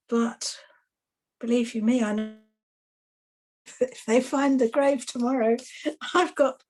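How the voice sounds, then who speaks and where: A woman who works as an exorcist and soul rescuer, casually telling anecdotes about her past client sessions. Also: a little high. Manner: relaxed, chatty, recounting past client sessions.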